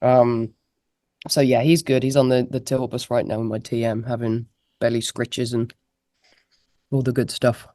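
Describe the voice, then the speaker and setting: A woman's voice: rumbling low, level tone, normal speed, long pauses, warm tone, no room sound, clean studio sound. A woman, a guest musician chatting casually in an interview and laughing at herself, heard through a laptop microphone on a video call. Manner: chatty, laughing, self-deprecating. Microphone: laptop mic on a video call.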